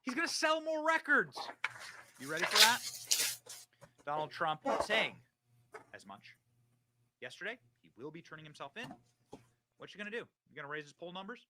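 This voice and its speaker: A man hosting a live show, talking in a hyped, preachy way that swings from loud bursts to hushed asides. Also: a little high, sing-song, moderate pace, pauses often, background noise. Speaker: show host. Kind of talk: casual livestream talk.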